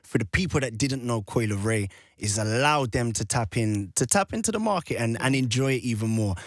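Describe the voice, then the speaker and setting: A man's voice: medium pitch, expressive, brisk, no room sound, clean studio sound. A man hosting a radio show, chatting casually with a guest in an upbeat, playful way. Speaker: radio host. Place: radio studio.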